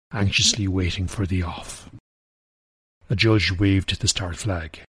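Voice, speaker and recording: A man with a low, husky voice reads a storybook tale in an even, gentle way. The sound is dry and close to the mic. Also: no echo. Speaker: narrator. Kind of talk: scripted storybook narration.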